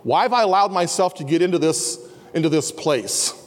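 A man preaching an earnest sermon in a slightly raised voice. His words ring out with long reverb, as in a large chapel. At quieter moments he sinks to a soft, low tone. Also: moderate pace. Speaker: pastor. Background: students in a campus service.

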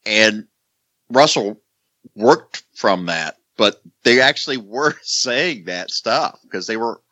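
Guy on a movie podcast, bright punchy voice, dry mic, lots of asides. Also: on the low side, expressive, no echo. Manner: chatty, laughing, quick asides. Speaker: podcast co-host. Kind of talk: casual movie review chat.

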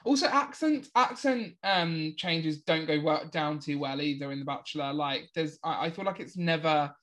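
A woman's voice: low-pitched, moderate pace, a bit bright. A woman co-hosting a podcast in casual chat, often restarting words and making dry jokey asides. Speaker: podcast co-host.

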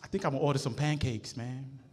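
A man's voice: mid-range voice, fairly even intonation, fast talker. A man doing a loose, slangy stand-up set in a comedy club, laughing at his own jokes.

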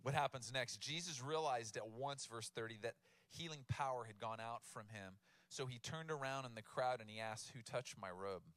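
A man's voice: medium pitch, dry recording. A man in his thirties preaching a sermon in a casual, humorous way, with playful retellings of the text. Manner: casual, humorous, animated storytelling with laughs. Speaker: pastor.

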